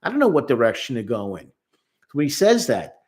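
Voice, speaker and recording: A man's voice: mid-range voice, huge pitch swings, normal speed, darkish tone. A man working as a therapist, giving an emphatic commentary on a song and acting out lines and voices as he explains. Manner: emphatic, quotes lyrics and acts out voices.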